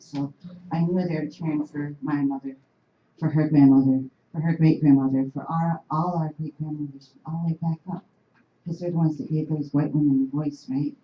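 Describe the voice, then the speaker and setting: A woman from the Oneida Nation, telling an animated, emphatic story to an audience in a university room. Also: deep voice, normal speed. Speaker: panel speaker. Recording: roomy, dull room recording.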